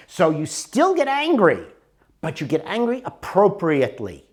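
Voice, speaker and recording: Male workshop teacher, animated and conversational, widely varied pitch. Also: normal speed. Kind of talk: recorded workshop talk.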